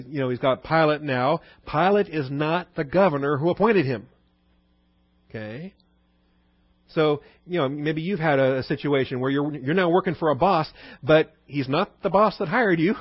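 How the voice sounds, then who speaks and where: A medium-pitched male voice, with no room sound in a dull, dry recording, teaches a conversational Bible study and regularly turns questions to his listeners.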